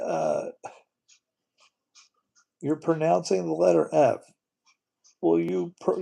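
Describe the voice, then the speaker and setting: A man's voice: a little high, unhurried, vocal fry, long pauses, dark tone. A man hosting a casual livestream, rambling and repeating his words, often breaking into disbelieving exclamations. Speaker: livestream host.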